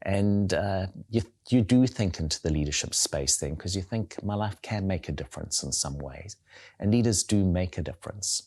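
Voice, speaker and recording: A man with a South African accent softened by time in New Zealand, speaking thoughtfully as an interview guest and often repeating words while searching for phrasing. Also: low voice, lively intonation, moderate pace. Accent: South African, softened by years in New Zealand. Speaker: guest, leadership coach and theologian. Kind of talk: conversational interview.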